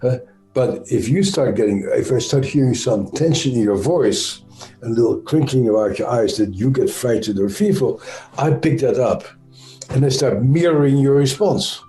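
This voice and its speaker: A man with a Dutch accent, an interview guest explaining ideas in a thoughtful, halting way with frequent pauses and self-corrections. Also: mid-range voice, mellow, roomy sound, faint music behind. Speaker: interview guest, trauma expert. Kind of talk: conversational explanation.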